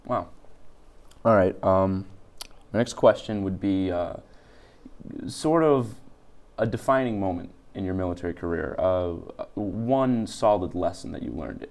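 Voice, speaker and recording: A man interviewing a guest, asking his questions hesitantly with ums and pauses. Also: deep voice, gravelly, darkish tone.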